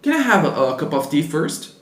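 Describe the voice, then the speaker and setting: A man with a Portuguese accent voicing a grumpy, entitled male hostel guest in a high, whiny voice. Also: very animated, brisk, fairly bright tone, reverberant, recorded from a distance. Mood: sweetly asking.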